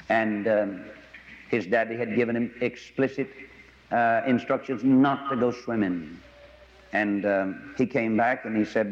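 A man, preaching a sermon in a folksy storytelling way, with sudden high, excited bursts. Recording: dull lo-fi audio with long hall reverb.

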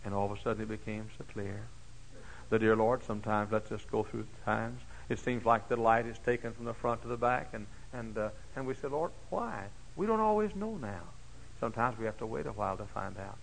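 An older man preaching a folksy sermon. He tells stories dramatically, moving from hushed asides to high, shouted exclamations. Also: flat delivery, a little fast, creaky, a little hiss or hum, rough recording. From Dallas, Texas. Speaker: pastor. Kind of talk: sermon with personal storytelling. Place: church.

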